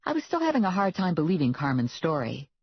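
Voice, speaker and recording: An audiobook narrator reading a first-person comic novel in a wry, deadpan manner. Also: mid-range voice, quick pace, slightly rough, no echo. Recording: dull lo-fi, dry.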